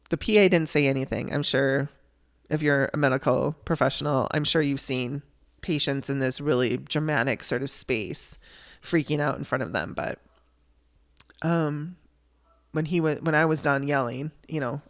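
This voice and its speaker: A woman's voice: low-pitched, fairly even intonation, normal speed. Candid woman telling her own story. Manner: candid, conversational, with restarts and blunt language. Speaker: podcast host telling her caregiving story. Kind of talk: personal storytelling.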